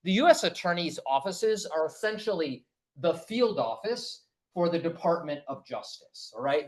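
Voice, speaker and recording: A middle-aged man from Michigan delivers a campaign stump speech to a local party meeting. His voice sits a little higher than most men's. He keeps things conversational, tossing in "right?" and stumbling into quick restarts. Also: a bit bright, rough recording. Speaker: political candidate speaking at a party meeting.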